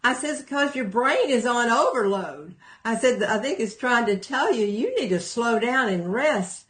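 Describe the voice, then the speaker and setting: A woman's voice: fairly high pitch, lively intonation, measured pace, a bit bright. A woman on a casual group video call, chattily retelling a conversation with her son. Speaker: caller sharing a story.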